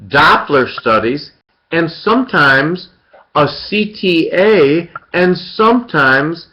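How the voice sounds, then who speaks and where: A man giving an interactive surgery lecture, quizzing students by name and repeating key points. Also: on the high side. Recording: dull lo-fi lecture recording.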